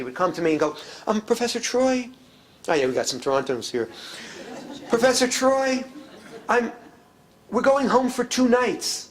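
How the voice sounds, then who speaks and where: A middle-aged man from New York speaks as a guest historian, mixing jokes and anecdotes into his lecture. His voice sits high for a man. He drops and lifts his pitch a lot to act out the people he quotes. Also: fairly bright tone. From United States, New York. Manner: wry storyteller, shifts pitch widely for quoted voices.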